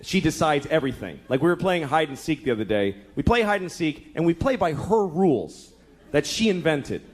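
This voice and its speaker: A man's voice: a little high, expressive, brisk. A man in his thirties doing a stand-up comedy set, profane and exasperated, acting out voices as he goes, with audience laughter on a live stage mic. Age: 30s. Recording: live club set with crowd laughter and noise.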